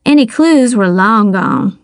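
A woman giving a first-person storybook narration in a wry, measured, expressive manner. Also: fairly high pitch, creaky, no room sound, clean studio sound. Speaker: audiobook narrator.

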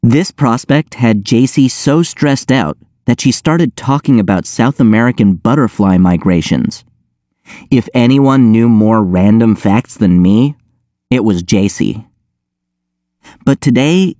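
A man reading a first-person audiobook in a wry, deadpan manner. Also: medium pitch, measured pace, no room sound, studio quality. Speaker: audiobook narrator.

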